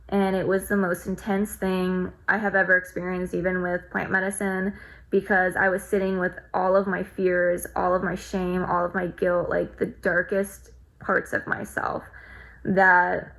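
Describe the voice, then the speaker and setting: A woman's voice: lowish voice, gravelly, fairly bright tone, poor audio. A woman vlogger sharing a personal experience in a reflective, heartfelt way, with lots of "like" fillers. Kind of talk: personal storytelling to camera.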